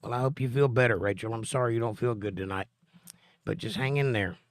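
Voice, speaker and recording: A middle-aged man hosts a live stream, reading viewer comments aloud and answering the chat directly in a joking, chatty way. His voice sits in the mid-range and moves a little fast. The sound is clean studio audio with no room echo.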